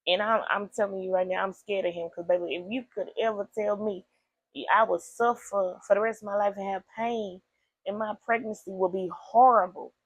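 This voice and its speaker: A woman with a gravelly, creaky voice riffs through a story in loose, slangy talk, addressing her listeners directly. Her voice sits at an ordinary pitch and sounds close and dry, with no room around it. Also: normal speed, no room sound. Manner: animated, slangy, talks straight to listeners; laughs often. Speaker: host. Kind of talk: casual storytelling commentary.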